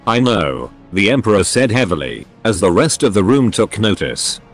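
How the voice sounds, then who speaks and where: A man narrating a story in a steady reading voice. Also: fairly low pitch, normal speed, slightly rough, soft background music.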